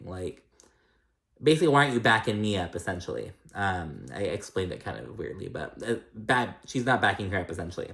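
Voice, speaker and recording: A man's voice: on the low side, animated, brisk, vocal fry, a bit bright. A young man casually recapping a reality show, chatty and rambling, swearing freely and acting out what others said. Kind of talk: casual chat.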